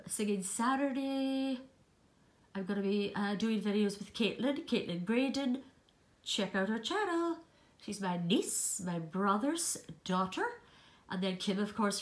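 Breathless older woman chatting in an echoey room. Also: mid-range voice. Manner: rambling, affectionate, chatty. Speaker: doll collector vlogger. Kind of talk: casual chatty vlog. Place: room in her apartment.

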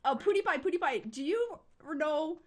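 A woman's voice: high voice, animated, normal speed. A woman livestreamer, overwhelmed and close to tears, gushing thanks over and over to her chat. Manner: gushing, repeats thanks and exclamations. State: emotional, near tears. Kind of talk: overwhelmed thank-you on a live stream.

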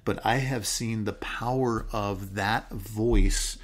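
A man co-hosting a podcast, talking through his ideas with stories and sometimes dropping into a slow, low, calm voice to show how it works. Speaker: podcast co-host. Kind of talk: casual podcast chat.

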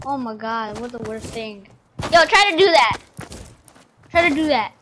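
A young gamer in casual voice chat, goofy and excitable, calling everyone bro and yelling in bursts. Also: mid-range voice, measured pace, a little hiss or hum. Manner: says bro a lot.

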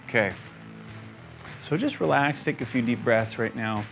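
Young male instructor guiding a movement class, mid-pitched and steady, encouraging and checking in with "okay?" after each cue. Faint guitar music plays softly underneath. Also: normal speed, gravelly, long pauses. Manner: encouraging coaching cues, frequent "okay?" check-ins. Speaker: fitness instructor. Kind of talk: guided exercise class instruction.

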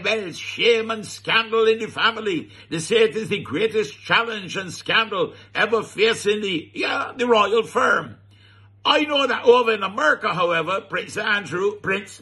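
A man's voice: high voice, sharp tone, slightly rough. A man with a Barbadian accent giving comic satirical commentary, chuckling and mock-scandalized, drawing out his words. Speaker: radio comedy commentator.

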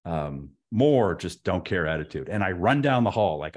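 A man in his fifties, a podcast guest telling an anecdote in an animated way, with frequent stammered restarts. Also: sits low, moderate pace. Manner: stammering restarts, lively and expressive.

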